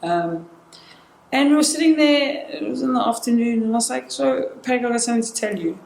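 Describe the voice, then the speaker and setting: A woman's voice: on the high side, fairly quick, creaky, a little mellow. A young woman telling a personal story in casual conversation. She retells it with energy and acts out the quoted dialogue. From South Africa. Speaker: guest sharing a personal story. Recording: roomy indoor sound with faint noise.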